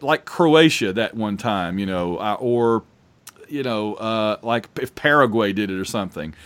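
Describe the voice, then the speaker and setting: This is a man co-hosting a casual sports podcast. His voice sits mid-range for a man. He rambles excitably and keeps interrupting his own sentences. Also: mid-range voice. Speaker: podcast co-host.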